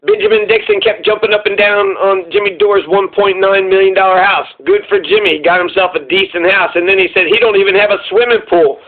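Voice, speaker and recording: Commentary host, male, profane and sarcastic; high-ish voice, lo-fi phone-quality audio. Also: expressive, brisk, hardly any pauses. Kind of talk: casual reaction commentary. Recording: tinny lo-fi phone-like sound.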